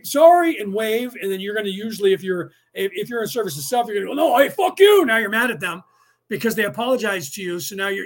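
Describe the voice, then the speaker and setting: A man's voice: high voice, fairly bright tone. A man in his fifties hosting a podcast, talking through his ideas in a rambling casual lecture full of fillers and restarts. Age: 50s. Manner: acts out angry drivers in quoted outbursts. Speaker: podcast host.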